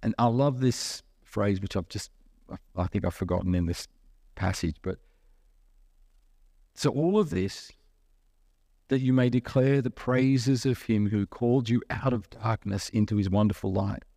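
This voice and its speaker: A man's voice: lowish voice, a little slow, long pauses, mellow, no echo, studio quality. A man preaching a sermon in a conversational way, asking the listeners questions and acting out little asides. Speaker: pastor.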